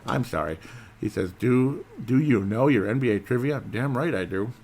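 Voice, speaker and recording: A man's voice: mid-range voice, expressive, moderate pace, darkish tone, a little hiss or hum. A man hosting a casual solo podcast in a rambling, jokey, self-deprecating way. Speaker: podcast host.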